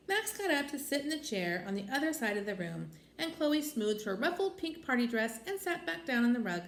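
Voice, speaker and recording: A woman's voice: fairly high pitch, big pitch swings, fairly quick, vocal fry, few pauses. A woman reading a children's chapter book aloud expressively. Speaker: storybook reader. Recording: echoey room with faint noise.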